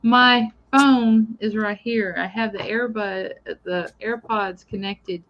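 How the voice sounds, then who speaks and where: A woman's voice: mid-range voice, fairly even intonation, slow pace, dull audio. A woman who is a guest tarot reader on a live stream, easygoing and laughing at herself as she tells stories. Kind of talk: casual live-stream chat.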